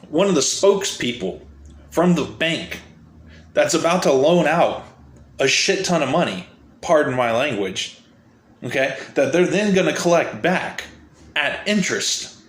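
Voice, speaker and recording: A man's voice: mid-range voice, reverberant. A man giving casual stock market commentary for his channel, sarcastic and getting fired up, often tagging his sentences with "okay?". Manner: animated, sarcastic, ranting with frequent "okay?".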